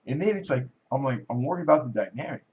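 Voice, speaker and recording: A man's voice: mid-range voice, lively intonation, fast talker, darkish tone, lo-fi sound. A middle-aged man hosting a casual chat, rambling through stories, acting out what people said and laughing often. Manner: rambling storytelling, acts out quoted voices, laughs often. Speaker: host.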